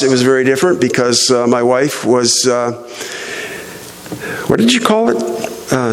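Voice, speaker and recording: A middle-aged man preaching a sermon as pastor, slow and emphatic, leaning hard on stressed words. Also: medium pitch, big-room sound, rough recording.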